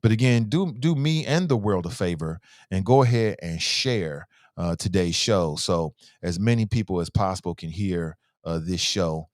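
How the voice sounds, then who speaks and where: A man's voice: low-pitched, lively intonation, moderate pace, few pauses, darkish tone, no room sound, studio quality. A middle-aged man hosting a casual morning talk show, rambling along and repeating phrases for emphasis. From Cincinnati. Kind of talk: casual live-stream talk.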